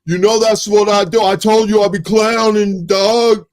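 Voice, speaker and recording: A man doing a loud, teasing impression of a brash joking friend, heavy on street slang. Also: high voice, fairly even intonation, a little slow, voice pushed up. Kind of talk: comic impression.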